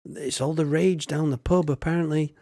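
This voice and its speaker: A man's voice: fairly high pitch, steady tone, moderate pace, dark tone, no room sound, studio quality. Chatty man streaming a game. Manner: chatty, jokey, reads chat aloud. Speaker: streamer playing a farming game. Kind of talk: casual gaming commentary.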